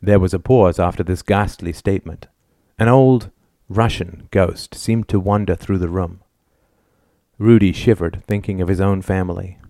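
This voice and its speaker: Male narrator, audiobook, measured delivery, low voice, dry sound. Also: steady tone, dark tone, dry recording.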